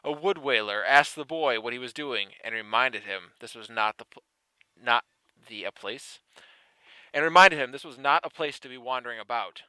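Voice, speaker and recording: Bright, dry-voiced man reading mock-seriously. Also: mid-range voice, moderate pace, smooth, no echo, poor audio. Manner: mock-serious narration broken by laughing asides. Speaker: podcast host reading fan fiction aloud. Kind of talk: comedic dramatic reading.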